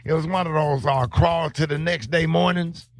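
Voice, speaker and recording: A man hosting a morning radio show, talking in a playful, teasing, drawn-out way. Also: fairly high pitch, steady tone. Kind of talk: joking radio chat.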